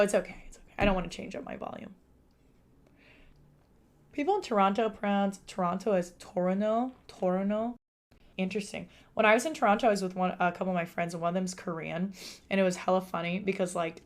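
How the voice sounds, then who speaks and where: Young woman, live streamer, monotone voice, casual chat, answering her chat, home room. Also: mid-range voice. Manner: chatty, reads out and answers chat.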